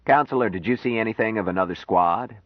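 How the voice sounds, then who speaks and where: A man's voice: fairly low pitch, fast talker, no echo, pitched above the performer's own voice, lightly acted. Brusque middle-aged official, put on by a male audiobook reader; raised, commanding tone, dry muffled recording.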